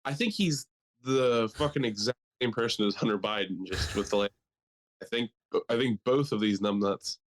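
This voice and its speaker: A man's voice: lowish voice, moderate pace. A young man co-hosting a casual podcast, swearing often and joking. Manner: profane, animated, jokey. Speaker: podcast co-host. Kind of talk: casual chat.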